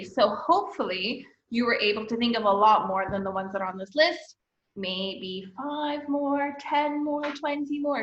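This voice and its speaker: A woman's voice: a little high, a bit bright. A woman teacher giving a recorded online lesson to young children, speaking patiently and encouragingly and often checking in with "okay?". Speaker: elementary school teacher. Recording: echoey room, slightly dull lo-fi audio.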